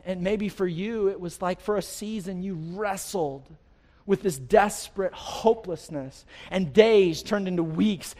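A man preaching a sermon from the pulpit in a large church, with impassioned phrases that rise and fall, repeated lines and many restarts. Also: high-pitched. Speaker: pastor. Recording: live hall reverb.

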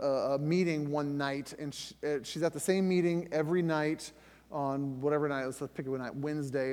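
A man's voice: on the high side, in a large hall. A middle-aged man hosting a faith podcast, telling a personal story in a conversational way with frequent restarts. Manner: conversational storytelling with restarts, rising tension when reliving the scare. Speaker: podcast host.

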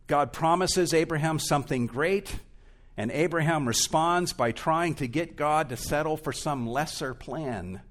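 A man's voice: a little high, a little slow, a bit bright. A male pastor preaching an expository sermon in a church, earnest and emphatic, rising and falling in intensity.

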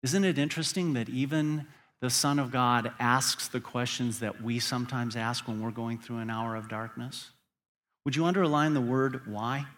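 A man's voice: mid-range voice, normal speed, a bit bright. A man preaching a sermon as pastor, earnest and building to emphatic peaks.

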